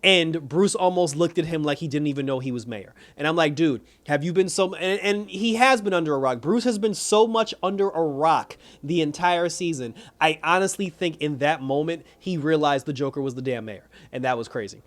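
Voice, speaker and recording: A man's voice: fairly high pitch, normal speed, few pauses. A man casually recapping a TV episode, rambling through the plot with lots of "he was like" asides and chuckles. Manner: rambling retelling, full of "he was just like" and laughs. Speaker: TV episode reviewer.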